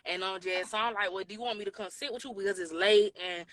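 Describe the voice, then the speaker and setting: A woman's voice: medium pitch, fast. A woman, telling a story on a live show and acting out the voices of the people in it. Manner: animated, acts out quoted voices, Southern US slang. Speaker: podcast co-host telling a story.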